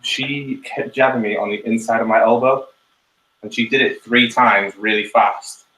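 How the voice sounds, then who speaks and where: A man's voice: medium pitch, fairly even intonation, moderate pace, bright, forceful tone, echoey room, far from the mic, low-quality recording. A man co-hosting a podcast, trading dry, teasing banter in casual chat. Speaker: podcast co-host.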